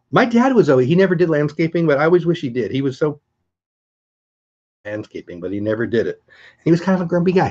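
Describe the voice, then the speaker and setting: Casting: enthusiastic male vlogger, mid pitch, chatty livestream host, slightly dull lo-fi audio. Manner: chatty, enthusiastic, greets chat viewers by name. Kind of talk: casual livestream chat.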